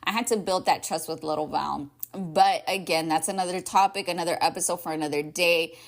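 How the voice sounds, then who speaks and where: A woman's voice: on the low side, fairly quick. Young adult woman, solo podcast host, casual and emphatic, filler-heavy chat. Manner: chatty and emphatic, lots of "like" and "y'all".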